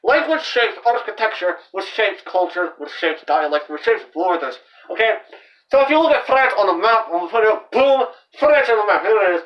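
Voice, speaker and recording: A young man with a high, light voice talks through a casual language explainer, rambling and circling back with lots of fillers. He sounds set back from the mic, and the recording is dull and lo-fi, like a homemade video. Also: expressive, brisk. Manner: rambling, filler-heavy, loose and unscripted. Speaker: channel host. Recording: dull, distant lo-fi home recording.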